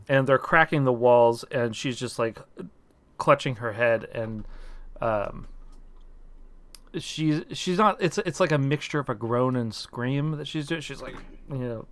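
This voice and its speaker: A man narrating as game master of a tabletop game, hesitant and full of pauses and restarts. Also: mid-range voice, fairly bright tone, no room sound.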